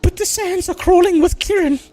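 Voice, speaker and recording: Squeaky anime-style game voice, strained falsetto, old-timey pirate-ish phrasing, stretched-out delivery, faint music behind. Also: male voice, normal speed, mellow. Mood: plaintive. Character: high-voiced anime-style game character, stranded shipwrecked worker.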